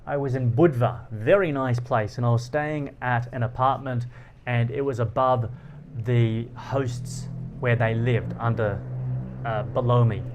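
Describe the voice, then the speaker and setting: Animated man explaining ideas with anecdotes. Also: mid-range voice, moderate pace, highs cut off, music in the background. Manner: animated, laughs often, acts out quoted lines. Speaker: philosophy channel host. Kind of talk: explanatory monologue with personal anecdotes.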